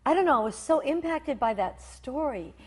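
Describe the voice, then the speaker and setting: A woman in her fifties from rural Saskatchewan, a talk show guest telling a personal testimony in animated storytelling with many restarts. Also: high-pitched, moderate pace. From rural Saskatchewan, Canada.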